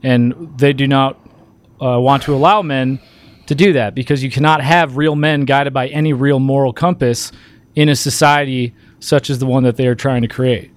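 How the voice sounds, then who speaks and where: A man on a political podcast, explaining his point in a measured, steady way. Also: medium pitch, no echo. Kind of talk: political discussion.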